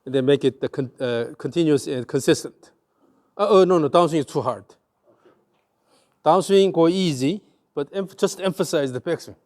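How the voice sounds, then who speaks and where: A man with a Korean accent coaches a golf swing in a mellow, warm voice. He talks in an instructive way and repeats short cues over and over in rhythm with the movement. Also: fairly high pitch, moderate pace. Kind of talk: hands-on coaching.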